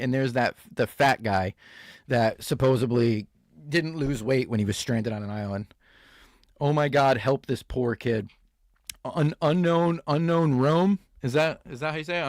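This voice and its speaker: A man's voice: medium pitch, no room sound, studio quality. A man hosting a comedy reaction show, riffing sarcastically and laughing at clips. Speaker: host.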